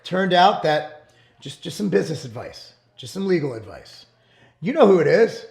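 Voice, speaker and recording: Middle-aged guy ranting to camera, kinda high voice, boasts a lot, echoey room. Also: sing-song, moderate pace, creaky. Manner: brash, rambling and self-promoting, with frequent restarts. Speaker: fitness company owner and channel host. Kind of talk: casual commentary to camera.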